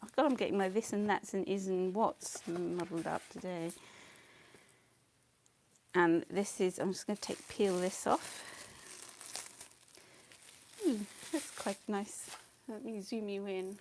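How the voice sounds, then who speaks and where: A woman's voice: mid-range voice, a little slow, pauses often, darkish tone. Casual female host, chatty and self-muttering, mid-range voice, faint background noise. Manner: chatty, scattered, laughs often, mutters asides. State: a bit out of breath. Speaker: live-stream painting host. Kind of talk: casual live-stream chat while painting.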